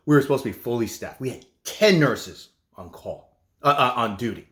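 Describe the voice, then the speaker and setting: A middle-aged man, a nurse, talking in a casual vlog from his home kitchen, rambling and halting with many restarts. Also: medium pitch, lively intonation, fairly bright tone.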